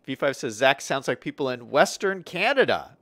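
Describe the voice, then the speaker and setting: A young man from the Western United States streams a city-building game in a mid-range voice at a moderate pace, recorded dry. He chats casually and lively, reading viewer comments aloud with plenty of fillers and restarts.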